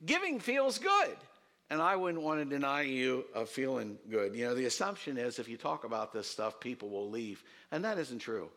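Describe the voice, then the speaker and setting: A man preaching a sermon to his congregation, repeating key lines for emphasis. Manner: animated preaching, swooping pitch, quick asides. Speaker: pastor.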